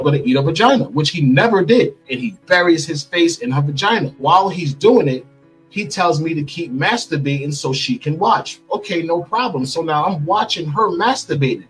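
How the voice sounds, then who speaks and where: Husky man telling a wild story. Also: on the high side, low-quality recording. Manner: animated storyteller acting out quoted lines. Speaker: interview guest. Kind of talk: telling a personal story in an interview.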